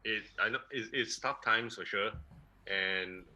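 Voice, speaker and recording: Rich: A man with a Malaysian English accent talks easily on a podcast, his slightly low voice husky yet sharply bright. He rambles a little as he shares his thoughts as a guest drummer. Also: unhurried, dull audio. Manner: easygoing, rambling, ends phrases with a tag particle. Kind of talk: casual podcast chat.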